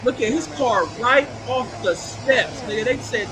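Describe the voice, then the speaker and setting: A man giving loud, mocking, profane commentary over news footage, scornful and quick to laugh. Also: very high voice, lively intonation, background noise.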